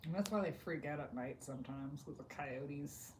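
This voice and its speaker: A man's voice: on the high side, normal speed, noisy background. An American man bantering bluntly and profanely as a podcast co-host. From United States. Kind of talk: casual chat.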